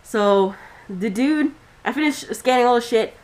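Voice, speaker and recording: A woman's voice: fairly high pitch, unhurried, darkish tone. Blunt, swearing young woman ranting. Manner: blunt, profane ranting storyteller. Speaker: podcast co-host. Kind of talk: casual chat.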